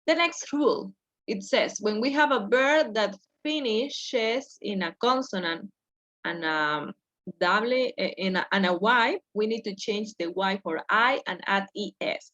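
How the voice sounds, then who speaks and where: A woman's voice: medium pitch, a little slow, a bit bright, dull audio. A woman teaching an English class over a video call, patiently correcting her students step by step.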